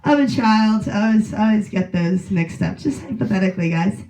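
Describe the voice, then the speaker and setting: Deadpan woman doing stand-up. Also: mid-range voice, fairly quick. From Russia. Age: 20s. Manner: deadpan, rambling with filler words. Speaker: stand-up comedian. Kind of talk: stand-up set at an open mic. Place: small bar at an open mic. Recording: echoey room.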